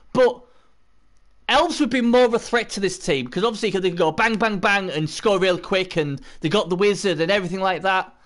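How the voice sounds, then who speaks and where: Man, slightly high voice, rambling live-stream commentary, chatty with viewers, desk mic. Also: a bit bright.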